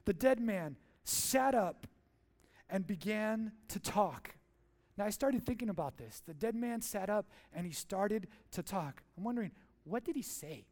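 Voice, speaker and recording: A man's voice: high-pitched, expressive, measured pace, a little mellow. A man preaching a sermon as pastor in a church, playful and jokey, asking the crowd questions and answering them.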